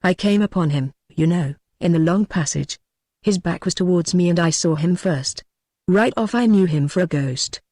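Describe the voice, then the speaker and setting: A man reading the part of an earnest gentleman who confides his ghost encounter to friends in an audiobook. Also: sits high, normal speed, dry recording, clean studio sound.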